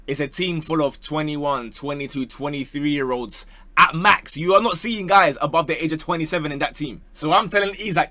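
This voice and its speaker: A young man talks football in a loose, comic way, full of slang and quick bits. His voice sits a little high and sounds bright and forceful. The sound is close and dry. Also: dry recording. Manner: playful and slangy, slipping into joke voices. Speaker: football YouTuber. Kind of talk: comedic football talk.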